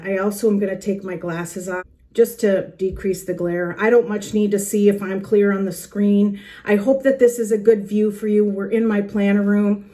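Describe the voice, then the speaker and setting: A middle-aged woman speaks earnestly and chattily to her camera from a planner room at home. Her voice sits at a middle pitch, and she keeps the talk casual, with small laughs and restarts. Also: darkish tone. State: a little out of breath. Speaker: journaling channel host. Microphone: camera facing her.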